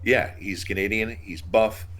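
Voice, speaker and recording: A man's voice: lowish voice, steady tone, a little slow, crowd noise. A man in his thirties, co-hosting a casual podcast chat, rambling with restarts and frequent laughs. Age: 30s. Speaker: podcast co-host.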